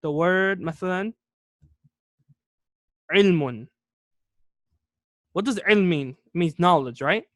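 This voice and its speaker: A man teaching an Arabic lesson, explaining words step by step, repeating key terms slowly and often checking in with "okay?". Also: high-pitched, expressive, fairly bright tone, no echo, clean studio sound. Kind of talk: classroom lesson.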